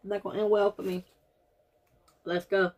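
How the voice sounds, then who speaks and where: A woman's voice: mid-range voice, flat delivery, normal speed, darkish tone. Dramatic woman reacting to snacks. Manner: dramatic, groaning reactions, talks straight to viewers. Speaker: vlogger. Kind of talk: casual taste-test unboxing.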